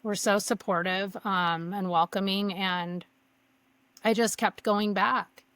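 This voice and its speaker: A woman's voice: mid-range voice, fairly even intonation, slow, fairly bright tone, no room sound. A young woman candidly telling her personal story as a podcast guest, earnest, with many fillers and restarts.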